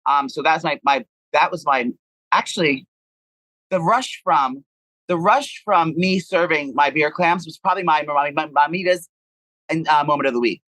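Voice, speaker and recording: A man co-hosting a podcast in casual chat, animated and rambling with crude humor. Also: fairly high pitch, moderate pace, no echo, rough recording. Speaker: podcast co-host.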